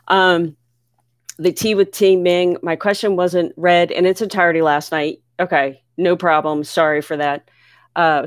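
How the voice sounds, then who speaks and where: A woman from the United States hosting a casual livestream, reading viewer comments aloud and answering questions in an excitable, chatty way. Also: lowish voice, no room sound, studio quality. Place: home near Philadelphia.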